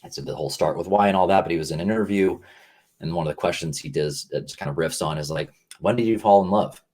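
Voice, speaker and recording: A man with a low, husky voice chats as a guest on a podcast. He talks in a casual, earnest way and rambles with plenty of fillers and restarts. His deep tone and slightly rough texture stay with him the whole time. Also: fairly even intonation, fast, darkish tone.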